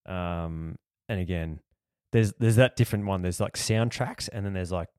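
An Australian man on a podcast, rambling casually with plenty of "like" and "you know". His voice sits fairly low and the sound is dry and close. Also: normal speed, a little mellow, clear, resonant tone, no echo. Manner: rambling, lots of likes and you-knows. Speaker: podcast host. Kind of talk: casual chat.

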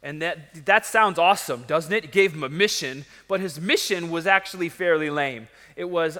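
A man preaching a sermon as pastor, telling a story in an animated way and acting out the quotes. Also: on the high side, normal speed, hardly any pauses, in a large hall.

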